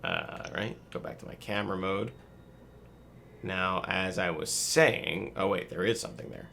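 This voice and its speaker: A man's voice: sits low, measured pace, creaky, pushed and bright, slight background noise. A man casually commenting on a horror game he is playing, rambling with many fillers, on a desk mic at home. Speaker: gameplay video host. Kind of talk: casual let's play commentary.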